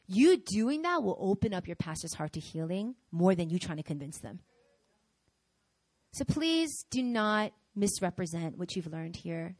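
A middle-aged woman pastor preaching a sermon in an animated way, acting out voices as she tells examples. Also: mid-range voice, no room sound. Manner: animated, acts out quoted voices.

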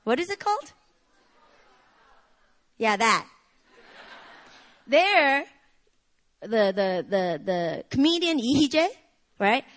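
A woman in her thirties preaching a sermon as a pastor, emphatic, moving between loud exclamations and soft, low asides. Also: very animated, slow pace, pauses often.

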